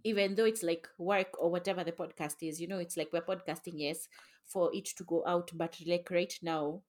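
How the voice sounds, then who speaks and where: A woman's voice: lowish voice, steady tone, a little fast, darkish tone. A young woman co-hosting a podcast with her sisters, talking reflectively in casual chat and swearing now and then. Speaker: podcast co-host.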